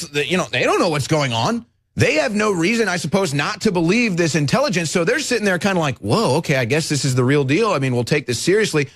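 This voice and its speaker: Male talk radio host, high-pitched, heated and shouting, dry studio mic. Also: no echo. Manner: fired-up, rising to shouts.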